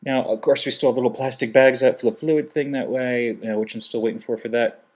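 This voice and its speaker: A man's voice: mid-range voice, steady tone, quick pace, darkish tone. A man vlogging casually, telling a humorous travel story and acting out what people said. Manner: humorous, acts out quoted lines in other voices.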